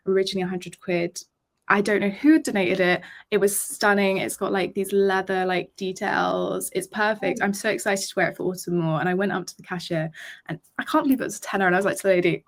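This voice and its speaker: Woman, guest on a chat podcast, chatty and storytelling, medium pitch. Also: little pitch movement, a little fast. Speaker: podcast guest, secondhand fashion creator.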